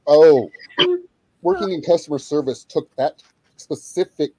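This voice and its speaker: A man speaks as a panelist in a relaxed livestream discussion. His voice is husky and dark in tone, with an easy, conversational delivery. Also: a little high, a little slow, no echo, low-quality recording. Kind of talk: casual livestream panel chat.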